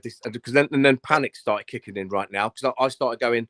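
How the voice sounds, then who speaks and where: Man, lively crude storyteller, bright voice, faint noise. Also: medium pitch, fast talker, few pauses. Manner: animated, laughing, crude storyteller. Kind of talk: casual storytelling.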